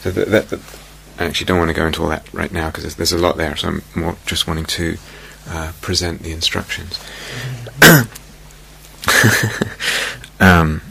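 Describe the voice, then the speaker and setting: A man giving a meditation teaching in a reflective, unhurried way, softly repeating key phrases. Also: deep voice, fairly even intonation, vocal fry. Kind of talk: dharma talk. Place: retreat meditation hall.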